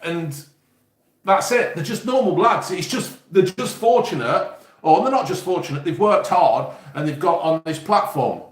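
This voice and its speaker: A man from England with an East Midlands English accent speaks in a high-pitched voice with lively intonation at a moderate pace, in a roomy-sounding recording. He's a YouTube host chatting to viewers on his live stream, rambling and swearing casually.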